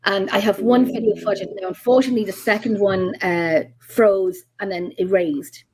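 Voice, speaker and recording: A woman's voice: medium pitch, fairly even intonation, brisk, hardly any pauses, a little mellow, breathy edge, rough recording. A woman with an Irish accent, a paranormal investigator, chatting as a guest in an interview and telling long stories full of ums and restarts. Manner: rambling storyteller with frequent ums and restarts. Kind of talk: casual interview chat.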